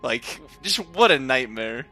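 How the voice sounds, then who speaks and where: A man's voice: medium pitch, lively intonation, slow, pushed and bright, faint music behind. A young man streaming a game, chatting casually with viewers, laughing often and swearing freely. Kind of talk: casual chat while gaming.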